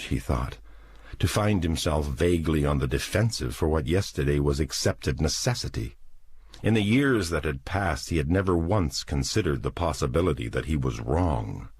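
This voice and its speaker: Male audiobook narrator, very deep voice, husky, slow dramatic reading, lively intonation. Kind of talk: scripted narration.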